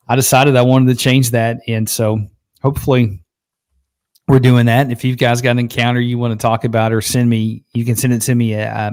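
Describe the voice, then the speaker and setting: A man's voice: on the low side, a little mellow, no room sound. A man with a Southern Arkansas accent hosting a live podcast in an easygoing, folksy way, laughing often. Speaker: podcast host. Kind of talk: casual live podcast chat.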